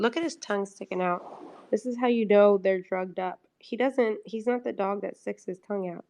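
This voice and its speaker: This livestream host has a mid-range, slightly mellow voice and speaks at a normal speed. She's chatty from her home setup, over-explaining and replaying her conversations as dialogue in her own words.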